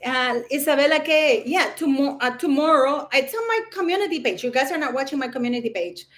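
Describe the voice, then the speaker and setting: A woman's voice: high-pitched, animated, brisk, fairly bright tone, soft background music. A woman hosting a casual livestream, rambling and chatty with lots of fillers. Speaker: livestream host.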